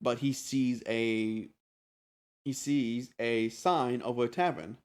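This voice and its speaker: Man, game master, tabletop narration, stop-start delivery, middle pitch. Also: fairly even intonation, darkish tone, smooth. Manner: halting, many restarts and fillers.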